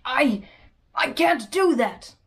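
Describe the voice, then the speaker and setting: Greedy fretful king for a kids' storybook, wails a lot, voice sits a bit high, woman reading it out. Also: expressive, takes it slowly. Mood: pleading. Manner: wailing, exclaiming. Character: greedy king, grown man, fretful and dramatic.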